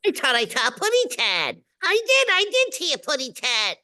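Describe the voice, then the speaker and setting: Tweety. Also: male voice, very high voice, wildly swooping pitch, normal speed, pushed and bright, pitched above the performer's own voice, exaggerated voice. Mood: alarmed. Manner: lisping baby talk. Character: tiny timid cartoon canary, lisping.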